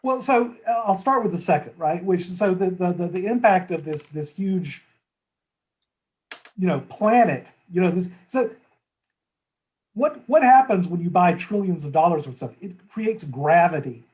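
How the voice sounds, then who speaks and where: A man's voice: sits high, lively intonation, moderate pace, a little mellow, poor audio. A man as a guest in a conversational market discussion, talking thoughtfully with frequent restarts and tag questions.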